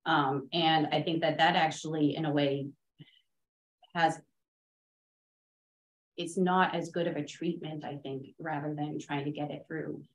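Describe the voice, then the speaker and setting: Brief: low-pitched woman consultant, measured and technical, echoey meeting room. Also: steady tone, a little hiss or hum. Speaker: consultant presenting to a town board. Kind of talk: public meeting discussion.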